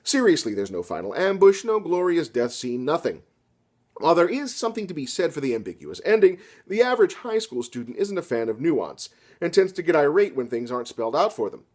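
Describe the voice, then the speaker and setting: Deadpan man giving a satirical lecture. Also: on the high side, a little fast. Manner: deadpan, sarcastic asides. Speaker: comedy lecturer.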